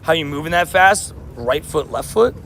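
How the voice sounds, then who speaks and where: A young man streaming a mobile game while walking outdoors, chatting and joking at himself, his voice a little hoarse. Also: fairly high pitch, animated, moderate pace, fairly bright tone, faint music behind. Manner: chatty, joking, self-mocking banter. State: slightly hoarse, losing voice. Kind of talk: casual livestream commentary while playing.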